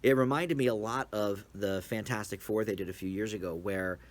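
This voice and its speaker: Low-voiced man rambling through a review. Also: fairly quick. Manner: rambling with many fillers and restarts. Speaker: movie reviewer. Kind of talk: casual spoken review. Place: small movie theater, indoors.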